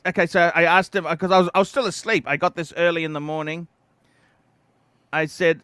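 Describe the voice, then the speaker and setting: A man hosting a casual livestream, telling a story in an animated way, acting out quoted messages and laughing often. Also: fairly high pitch, brisk, smooth, no echo, studio quality. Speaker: livestream host.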